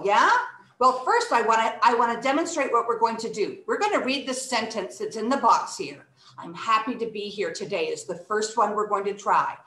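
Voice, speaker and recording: A woman in her thirties teaching children an online poetry reciting lesson, acting out emotions with her voice. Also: fairly high pitch. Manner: animated, acts out emotions with her voice. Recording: echoey room.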